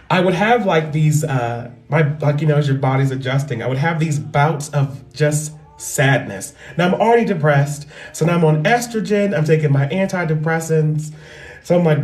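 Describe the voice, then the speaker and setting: A woman comedian talking loudly and animatedly in a casual, profane monologue into a microphone. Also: deep voice. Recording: roomy echo with faint music.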